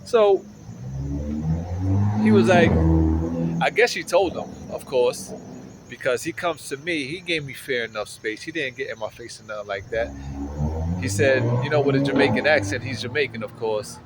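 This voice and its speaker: A man telling a story in a casual vlog, animated and slangy, often checking in with the listener, outdoors on a city street. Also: medium pitch, moderate pace, background noise. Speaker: vlogger.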